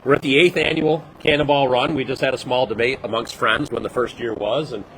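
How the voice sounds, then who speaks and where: A man's voice: medium pitch, fairly even intonation, brisk, a bit bright, low-quality recording. A man with a mid-range voice hosts a charity event livestream. He talks in a folksy, upbeat way and keeps throwing in jokes. Faint background noise is heard behind him. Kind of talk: casual livestream announcement.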